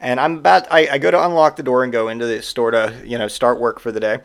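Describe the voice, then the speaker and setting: A male podcast host rattles off stories in a casual monologue, talking fast at medium pitch with little pitch movement and some vocal fry. He sounds exasperated and sarcastic and swears freely.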